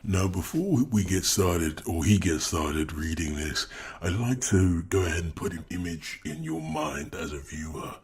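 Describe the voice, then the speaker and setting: A man's voice: deep voice, unhurried, a little mellow, husky. An English man giving mocking, exasperated reaction commentary, often laughing. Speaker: commentary YouTuber.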